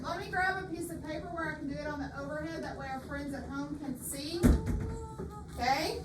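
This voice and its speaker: A woman teacher leading a reading lesson in a classroom, patient and slow, repeating her questions. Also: high-pitched, steady tone. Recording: echoey classroom, far mic, faint hiss.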